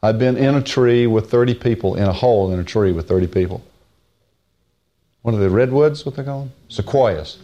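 Delivering a folksy, plainspoken sermon on Scripture, a male preacher slows down to press hard on key phrases, lifting them to a high pitch before falling into quiet, low asides. The audio sounds dull.

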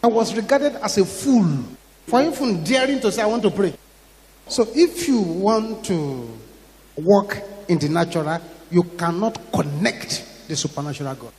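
A man with a Ghanaian English accent preaching a sermon, telling a story dramatically, acting out the voices in it and rising to shouts. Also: high voice, animated, normal speed. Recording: long hall reverb.

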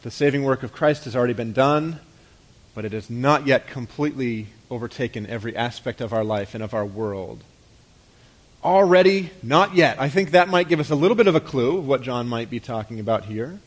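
A pastor preaching a conversational sermon, asking rhetorical questions and letting his voice drop softly at the ends of phrases. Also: medium pitch, fairly quick.

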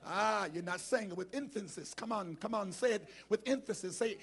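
A middle-aged man preaches as a bishop, his high voice rough and husky. He trades call and response with the congregation. He drifts between quiet, mumbled asides and loud, shouted passages. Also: moderate pace. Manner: swings from low muttered asides to shouted preaching. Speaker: bishop preaching as guest speaker. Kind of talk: black church sermon with call and response. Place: church sanctuary with congregation.

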